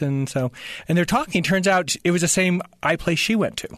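This is a man being interviewed about his books. His voice sits a little high, and the room sounds dry and close. He tells his stories with lots of restarts and acted-out dialogue. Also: brisk, fairly bright tone, no echo. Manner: stammering restarts, acts out quoted voices. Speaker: author guest. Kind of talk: interview, animated storytelling.

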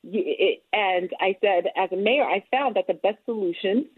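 A woman's voice: medium pitch, moderate pace, breathy edge, dry recording. Earnest woman on a tinny phone line. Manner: earnest, emphatic, storytelling. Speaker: guest, author and former politician. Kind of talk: conversational interview.

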